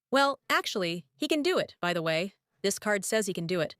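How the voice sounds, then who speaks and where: A woman's voice: medium pitch, sing-song, fairly quick, few pauses, a bit bright, no echo, clean studio sound. A woman giving a tarot reading, musing aloud and repeating herself as she talks straight to the viewer. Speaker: tarot reader.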